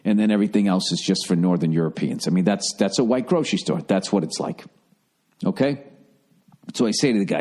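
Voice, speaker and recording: Middle-aged American man hosting a podcast, swearing and rambling through a comic story in a lively, animated way. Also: deep voice, a little fast. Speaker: podcast host. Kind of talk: casual comedic storytelling.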